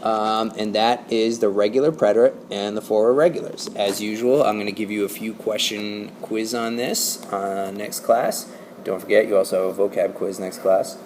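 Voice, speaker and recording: A man's voice: lowish voice, steady tone, moderate pace, a little mellow, slight background noise. A man teaching a Spanish lesson to his class, explaining patiently and checking in with "okay?" and "right?".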